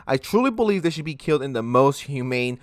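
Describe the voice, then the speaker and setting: A young man rants sarcastically in his room, swearing freely as he reacts to a clip. His voice sits at a middle pitch, and the sound is close and dry, with no room echo. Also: animated, quick pace. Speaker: commentary YouTuber. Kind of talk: reaction commentary vlog.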